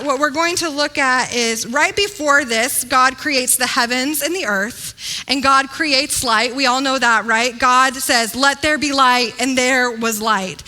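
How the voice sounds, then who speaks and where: A woman pastor in her thirties gives a sermon, telling a personal story in an animated, chatty way. Her voice sits high and sounds bright and clear. She talks loosely, with plenty of fillers. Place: church.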